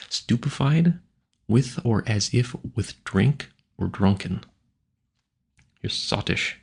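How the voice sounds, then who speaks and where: A man's voice: on the low side, expressive, extremely slow, creaky, warm tone, slightly rough. A man rambling casually at a home mic, musing aloud and stumbling over hard words he sounds out. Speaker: audio creator.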